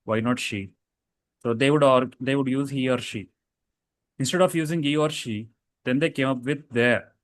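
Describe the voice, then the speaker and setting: A man's voice: medium pitch, normal speed, no room sound. A man teaching a casual grammar lesson, explaining rules with fillers and self-corrections.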